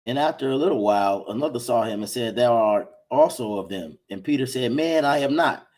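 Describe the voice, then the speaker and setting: A man reading King James style scripture aloud at a steady pace during a Bible lesson. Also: medium pitch, a little fast, rough recording. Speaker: scripture reader.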